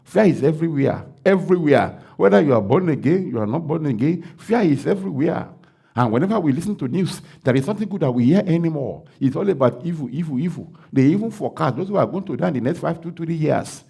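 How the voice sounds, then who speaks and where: A Nigerian pastor preaches with a lively, swooping delivery and a gravelly edge in his voice. He acts out the dialogue of his story and rises into loud declarations. His voice sits a little high for a man. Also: fast. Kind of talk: sermon with told story.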